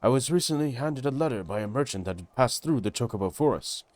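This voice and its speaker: A man's voice: medium pitch, lively intonation, fast talker, darkish tone, no room sound, pitched above the performer's own voice, natural voice. Man playing a worried older nobleman father. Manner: earnest, formal.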